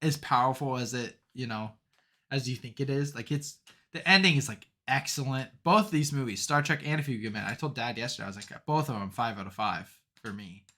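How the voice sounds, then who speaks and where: A young man co-hosting a podcast, chatting casually and telling stories with lots of "like" and "um", animated as he gets into them. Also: medium pitch, brisk. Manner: rambling, filler-heavy, animated storytelling. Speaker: podcast co-host. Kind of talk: casual chat.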